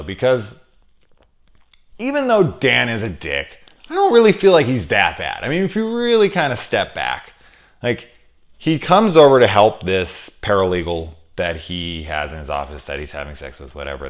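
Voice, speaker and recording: A man giving a casual spoiler review of a movie, rambling and profane, with lots of fillers. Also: on the low side.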